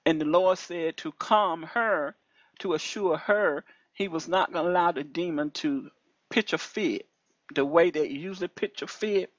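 A woman minister giving an animated testimony over a phone call, preachy and repetitive, her voice leaping high when excited. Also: measured pace, no room sound. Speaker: deliverance minister. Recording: dull lo-fi call audio.

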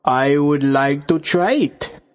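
Naive, trusting male cow from a storybook, polite and eager, slow-spoken, voiced by a woman reader. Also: sits low, darkish tone.

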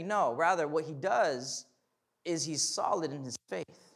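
This young man's sermon sounds fairly high and fairly bright, with lively intonation, vocal fry, and a slightly slow delivery. Talking casually, he repeats words, restarts, uses "like" and "right?", and climbs to fervent emphasis.

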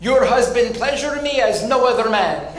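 Halting Eastern European shop lady, as a man puts her on, earnest, slightly raised voice, in a roomy club. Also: on the high side, animated, very noisy, natural voice. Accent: Eastern European, put on. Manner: broken, earnest phrasing. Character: Romanian woman gift-shop clerk, halting English.

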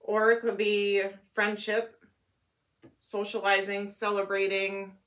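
A woman reading tarot cards aloud, musing and thinking out loud as she goes, her voice a little worn and hoarse. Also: mid-range voice, little pitch movement, takes it slowly. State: losing her voice. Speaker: tarot reader.

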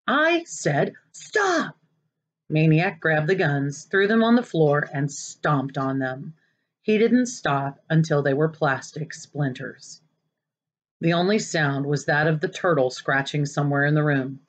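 A woman reading a children's novel aloud, expressive and lively, raising her voice for the characters' lines. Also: sits low, measured pace. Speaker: narrator.

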